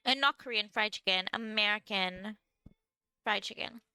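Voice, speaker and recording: A woman's voice: mid-range voice, moderate pace, pushed and bright, clean tone, dry recording. A young woman streamer chatting casually with viewers while she eats, filling her talk with "like". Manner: chatty, lots of "like", talking while eating. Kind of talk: casual livestream chat.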